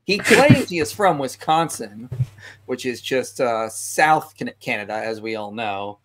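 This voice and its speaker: A man's voice: medium pitch, very animated, measured pace. Male host, playful and jokey, running a casual video-call panel. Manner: joking, playful.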